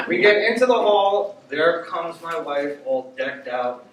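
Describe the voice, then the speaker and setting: Slow, echoey man telling a story. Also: fairly high pitch. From United States. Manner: animated, laughs often while telling. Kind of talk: live stage storytelling. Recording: very echoey room, distant mic, faint noise.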